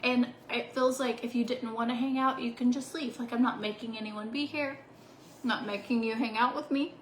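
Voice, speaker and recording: A woman's voice: on the high side, steady tone, brisk, a little hiss or hum. A woman in her thirties vlogging from her home office, chatting casually and bubbly with frequent laughs and rambling asides. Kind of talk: casual chat to camera. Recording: echoey room with faint background ambience.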